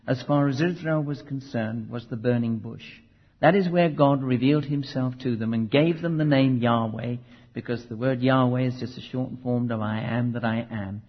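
A man's voice: mid-range voice, slightly rough. A man preaching a teaching sermon, emphatic and conversational, with asides to his listeners. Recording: muffled hall recording with long reverb.

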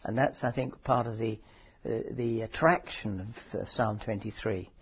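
A man preaching a sermon in a conversational, thoughtful way, often pausing and correcting himself. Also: on the low side, steady tone, husky, muffled recording. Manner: conversational, thoughtful, with frequent fillers and self-corrections.

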